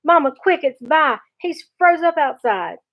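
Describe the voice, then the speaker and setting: A woman voicing an excitable young boy who talks urgently. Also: on the high side, moderate pace, natural voice. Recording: dull lo-fi recording.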